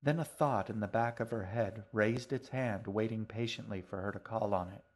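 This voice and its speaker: Calm man narrating a story. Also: on the low side, moderate pace. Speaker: author and narrator. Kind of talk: scripted narration.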